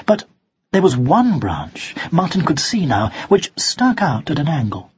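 A narrator reading a children's storybook aloud in a slow, expressive way, on a dull lo-fi recording. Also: medium pitch, breathy edge. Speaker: audiobook narrator.

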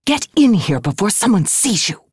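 A man's voice: high voice, big pitch swings, moderate pace, breathy edge, no echo, clean studio sound, pitched above the performer's own voice, heavily acted. A man voicing a proud young female soldier who teases lightly. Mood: sharp, urgent.

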